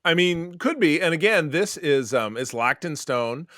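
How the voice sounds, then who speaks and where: A man co-hosting a casual podcast chat, animated and trailing off with fillers. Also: fairly high pitch, a little slow, no room sound, studio quality. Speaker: podcast co-host.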